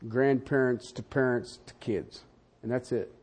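An older man preaching a sermon, animated and conversational, with frequent asides to the congregation. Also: moderate pace. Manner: animated preaching with wide swings in pitch and loudness, asides to the audience. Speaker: pastor.

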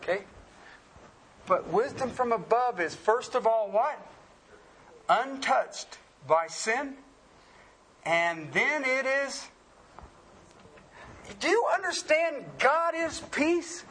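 A man's voice: very high voice, sing-song, slow pace, long pauses, a bit bright, a little hiss or hum. A man preaching a sermon in a folksy, joking way, often asking the congregation questions.

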